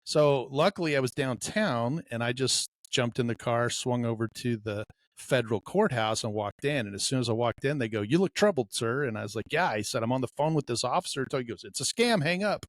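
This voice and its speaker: Rich: A man at a middle pitch tells a story on a podcast in a relaxed, chatty way. He slips into the voices of the people he quotes. The sound is dry and close, with no room echo. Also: fairly quick. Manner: storyteller who acts out quoted dialogue. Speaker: podcast co-host. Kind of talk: casual podcast chat.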